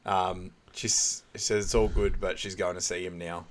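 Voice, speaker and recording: A man's voice: deep voice, level tone, moderate pace. A man co-hosting a podcast, recapping a film in a laid-back way and laughing often. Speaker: podcast co-host. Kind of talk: casual film recap chat.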